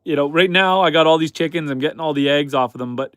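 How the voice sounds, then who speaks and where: A man from Canada hosting a homesteading livestream with a head cold, his voice stuffy and slightly hoarse, chatting upbeat with viewers and his animals. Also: on the high side, fast, fairly bright tone, no room sound. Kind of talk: casual livestream chat reading viewer comments. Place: chicken coop on a homestead.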